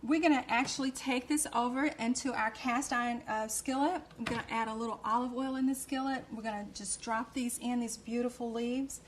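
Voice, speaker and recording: A woman's voice: a little high, fairly even intonation, fairly quick, hardly any pauses, background noise. Gushing Southern woman cooking show host. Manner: gushing and effusive. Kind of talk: cooking demonstration.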